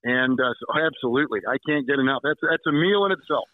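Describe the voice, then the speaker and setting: A man's voice: medium pitch, fast. A man calling in as a guest, chatting casually with lots of restarts and fillers. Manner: rambling, warm storyteller with many restarts. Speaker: guest sportscaster. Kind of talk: casual chat by phone. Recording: tinny phone line.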